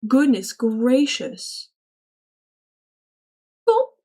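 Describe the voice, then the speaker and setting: On the high side and at a moderate pace, this woman's voice pauses often as she reads her stream chat and reacts out loud. She's chatty and casual, laughing frequently and swearing without restraint.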